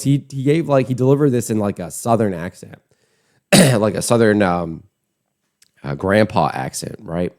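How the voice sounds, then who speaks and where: A man's voice: fairly low pitch, lively intonation, normal speed, darkish tone. A man hosting an online political commentary show, talking in a scornful, emphatic, conversational way.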